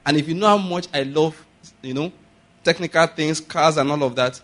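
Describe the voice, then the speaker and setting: A man pastor preaching a sermon, swinging between quiet asides and sudden loud, high emphasis. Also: normal speed. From Nigeria.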